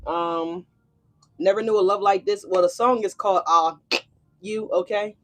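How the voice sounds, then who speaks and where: A woman's voice: medium pitch, fairly even intonation, normal speed, a bit bright. A woman doing a casual tarot reading for her channel, chatty and a little profane, calling her viewers y'all. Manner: loose and profane. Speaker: tarot reader. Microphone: desk mic.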